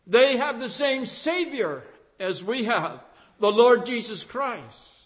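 Brief: male preacher, high voice, unhurried sermon delivery, hammers key phrases. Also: a bit bright. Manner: emphatic, repeats key phrases with rising force.

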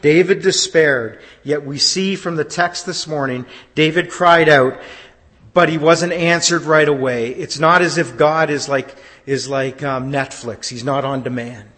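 A pastor preaching a sermon, swinging from loud declarations down to hushed, almost whispered lines. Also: male voice, on the high side, unhurried, long reverb tail.

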